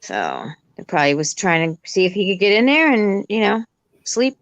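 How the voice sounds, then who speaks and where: Female guest, lively anecdote-teller, mid-range pitch, dry sound. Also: normal speed, no echo, lo-fi sound. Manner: animated storyteller, acts out sounds. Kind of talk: casual chat.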